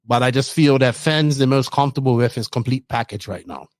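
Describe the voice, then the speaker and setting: A man's voice: medium pitch, fairly quick, a little mellow, no echo. A man hosting a podcast, chatting casually and teasing his co-host. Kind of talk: casual chat.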